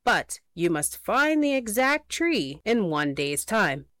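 A woman voicing a sly, greedy little male hedgehog painter with a squeaky voice, in a storybook reading. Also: big pitch swings, slow, fairly bright tone, no room sound. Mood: scheming. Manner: sly, scheming.

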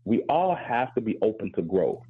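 Low husky professor, thoughtful. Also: male voice, big pitch swings, normal speed, narrow, tinny audio. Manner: thoughtful, self-deprecating, candid. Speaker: professor and show guest. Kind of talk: reflective talk-show discussion.

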